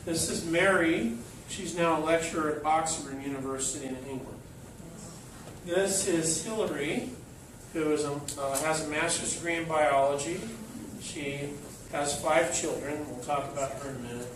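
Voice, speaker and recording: Older male speaker, slightly high voice, unhurried storyteller, distant mic, echoey hall with noise. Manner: unhurried and anecdotal, with fillers. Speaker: speaker giving a talk. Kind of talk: public talk. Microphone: microphone, then unamplified. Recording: echoey hall, voice from afar, noisy.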